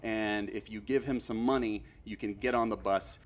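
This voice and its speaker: A man telling a long comic story on stage, rambling and growing loud and frantic as he acts out his panic. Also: fairly low pitch, steady tone, normal speed. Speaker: stand-up comedian. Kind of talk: stand-up storytelling.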